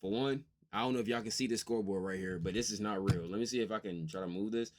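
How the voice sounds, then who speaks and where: A young man from the United States hosting a casual reaction video, excitable and slangy, often cutting in with loud outbursts. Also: on the low side, fast. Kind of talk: casual live reaction chat.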